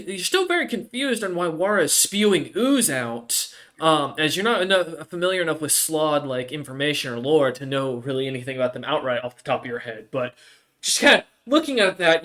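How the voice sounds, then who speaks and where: A man running a tabletop game as game master. He narrates the scene in a rambling way, full of ums and restarts. His voice sits a little high for a man. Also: sharp tone. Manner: rambling, hesitant, filler-heavy.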